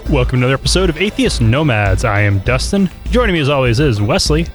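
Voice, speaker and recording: Lively, joking male podcast host. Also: mid-range voice, quick pace, music in the background. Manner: lively, joking, with frequent fillers. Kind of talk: casual podcast chat.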